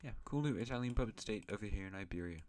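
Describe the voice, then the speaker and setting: Low-voiced man narrating a map series. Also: lively intonation, very fast, a little mellow, a little hiss or hum. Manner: rambling, chatty, with self-mocking asides. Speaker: host narrating an alternate-history map series. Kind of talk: casual map-game commentary.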